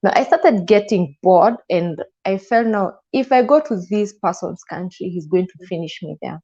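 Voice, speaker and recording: A woman's voice: on the low side, expressive, moderate pace, dark tone. A woman with a Kenyan accent, a guest telling her personal story in an interview and acting out the dialogue with emotion. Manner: emotional, acts out quoted dialogue. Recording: slightly dull lo-fi sound.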